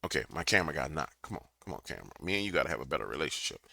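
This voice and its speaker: A man's voice: very deep voice, big pitch swings, rapid-fire, creaky, sharp tone, no room sound. A man giving a preachy political commentary to a camera, telling a fiery story. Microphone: camera mic.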